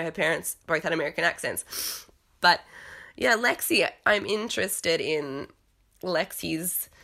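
Her voice low-ish, pushed and bright, an Australian vlogger with a mixed accent gives a casual recap as she battles a cough. She rambles, hesitates, and leans heavily on fillers.

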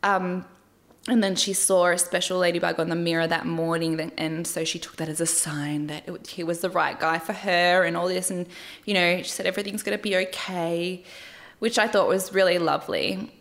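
A young woman recapping a reality show in a casual, chatty way, talking quickly, swearing and laughing often. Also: on the low side, steady tone, a bit bright.

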